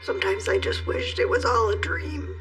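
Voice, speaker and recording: A middle-aged woman giving a documentary interview, retelling events in a steady, somber way. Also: a little high, normal speed, faint music behind, poor audio. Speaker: interviewee, mother of the accused.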